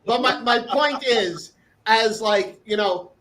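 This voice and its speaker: A man's voice: high voice, takes it slowly, sharp tone, rough recording. A man co-hosting a casual chat show over a video call, telling a story with many fillers and restarts. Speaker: co-host.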